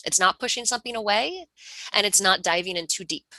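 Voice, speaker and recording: A woman's voice: medium pitch, brisk, pushed and bright, no room sound. A woman sharing candidly in a casual peer talk, swearing a lot and often restarting her sentences. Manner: raw, heavy swearing, frequent restarts.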